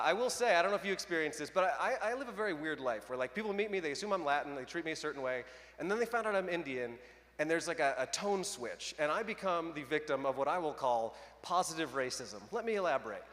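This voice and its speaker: A man's voice: on the high side, fairly bright tone. A young man doing a stand-up comedy set on a large arena stage, self-deprecating and conversational, bantering with the crowd. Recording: arena reverb, faint crowd noise. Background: audience laughter.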